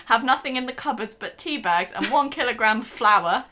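Giggly woman with a lively, bright voice. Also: a little high, normal speed, a little hiss or hum. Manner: giggly, breaks into laughter often. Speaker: podcast co-host. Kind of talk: casual chat.

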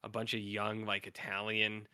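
Bright-voiced man rambling about horror films. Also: lowish voice, moderate pace, dry recording, clean studio sound. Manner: rambling, acts out quotes in flat mumbles. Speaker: podcast co-host.

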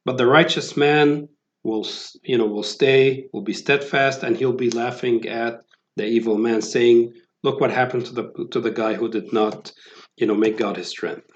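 A man's voice: medium pitch, fairly even intonation, moderate pace. A man giving a sermon, talking in a conversational way with many fillers and restarts. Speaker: preacher. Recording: roomy, dull lo-fi sound.

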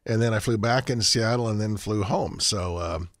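A man's voice: on the low side, moderate pace, no room sound, studio quality. A man, a radio show guest talking in a folksy, rambling way with frequent restarts. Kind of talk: radio talk show interview.

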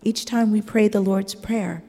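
Woman preacher, measured and earnest sermon delivery, warm low voice, long church reverb. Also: steady tone, husky. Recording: long reverb of a large hall.

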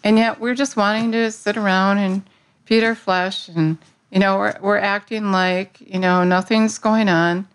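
A woman's voice: medium pitch, fairly even intonation, unhurried, clean tone. A woman giving an earnest, conversational devotional talk, often restarting her sentences. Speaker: devotional speaker. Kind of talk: casual spoken devotional.

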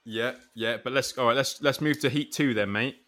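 A man's voice: mid-range voice, moderate pace, a bit bright. A man hosting a casual podcast chat, joking and swearing as he goes through names. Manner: banter with swearing. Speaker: podcast host.

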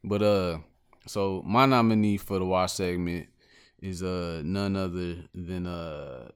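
A man's voice: deep voice, fairly even intonation, takes it slowly, clear, resonant tone. A man co-hosting a podcast in casual chat, laid-back and profane, laughing often. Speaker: podcast co-host.

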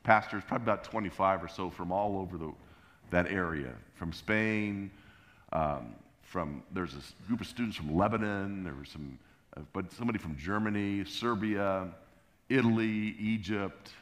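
A middle-aged male pastor with a lowish voice tells a story in his sermon. He jumps up in pitch to act out voices and sound effects, then settles back into easy storytelling. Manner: animated, acts out scenes and sounds with pitch jumps.

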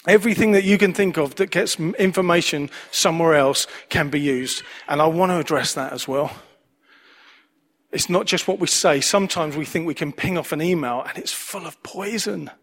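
A man's voice: fairly high pitch, normal speed, a bit bright. A man preaching a sermon as pastor, earnest, repeating key phrases for emphasis.

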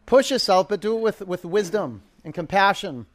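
A man's voice: high voice, expressive, normal speed, dry recording. A man leading a live yoga class, calling poses, counting down holds and encouraging students. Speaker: yoga instructor.

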